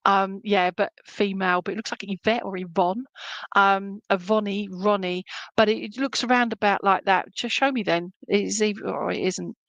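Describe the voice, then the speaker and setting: A woman's voice: mid-range voice, fairly even intonation, moderate pace, fairly bright tone, no echo, dull audio. A woman giving a clairvoyant reading at an online church service, chatty and reassuring, with many fillers and restarts. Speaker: medium at a spiritualist church.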